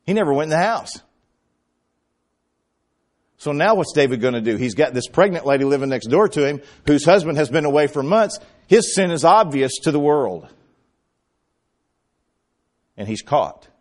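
A man delivers a sermon in a somewhat high voice, retelling scripture as a story. He acts out the quoted lines and builds to emphatic outbursts. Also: lively intonation, moderate pace. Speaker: pastor.

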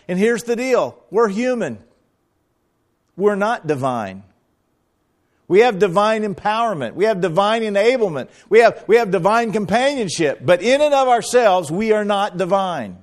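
A middle-aged pastor with a high voice preaches a sermon dramatically, swinging his voice up and down as he acts out quotations.

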